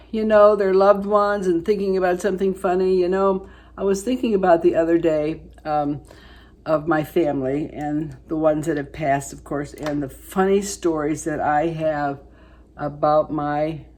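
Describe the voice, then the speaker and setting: A woman in her seventies chatting casually through a makeup tutorial, rambling into family stories and then going soft when she works on her eyes. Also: low-pitched. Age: 70s. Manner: chatty storyteller, rambling with fillers, dropping to soft asides while applying makeup. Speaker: beauty vlogger.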